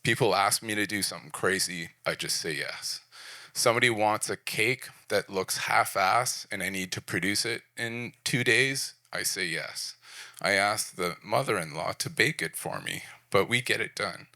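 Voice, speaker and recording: A man's voice: lowish voice, moderate pace, pushed and bright, no room sound, studio quality. A man in his forties from Prince Edward Island, Canada, giving a candid, self-deprecating talk at a design event in short punchy phrases. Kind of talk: personal storytelling talk. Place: event venue.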